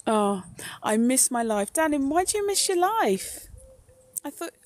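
A woman's voice: high voice, very animated, measured pace, no room sound. A woman livestreaming a ghost walk outdoors on her phone, chatting, joking with viewers and laughing often. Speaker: paranormal live streamer. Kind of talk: live-streamed ghost walk chat.

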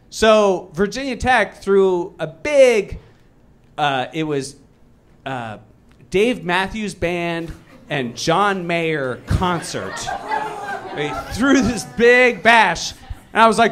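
A man doing a live stand-up set, talking in an animated way and jumping into loud mock voices when he quotes people. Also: sits high, takes it slowly. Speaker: stand-up comedian. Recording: live club recording with audience noise. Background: audience laughter.

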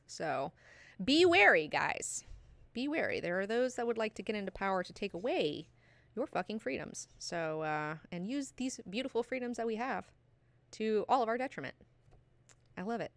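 Excitable, swearing woman book club host. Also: mid-range voice, moderate pace, no room sound. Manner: excitable, profane and chatty. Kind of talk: casual book discussion.

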